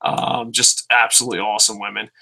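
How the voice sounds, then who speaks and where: A man's voice: lowish voice, flat delivery, fast talker, vocal fry, bright, forceful tone. A young man reviewing a wrestling show in a profane, sarcastic rant, acting out quotes as he goes. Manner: sarcastic, swears constantly, acts out quotes.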